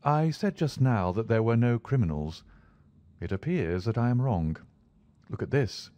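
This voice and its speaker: A man reading the part of a calm, aloof male detective, cool and unhurried in manner. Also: medium pitch, natural voice.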